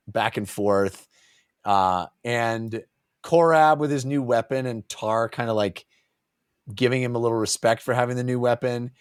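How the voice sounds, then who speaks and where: A man's voice: medium pitch, no echo, studio quality. A man co-hosting a casual book club podcast, laughing often and acting out characters' lines. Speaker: podcast co-host.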